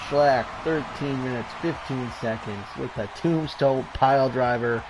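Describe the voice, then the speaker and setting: A man hosting a video game show, giving excitable play-by-play commentary on a wrestling match and chuckling along. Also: medium pitch, a little slow, background noise.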